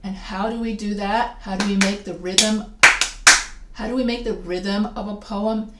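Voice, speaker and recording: A woman's voice: mid-range voice, fairly even intonation, measured pace, heavy background noise. A woman giving a recorded lecture as a teacher, casual and self-deprecating, often restarting her sentences. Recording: echoey room.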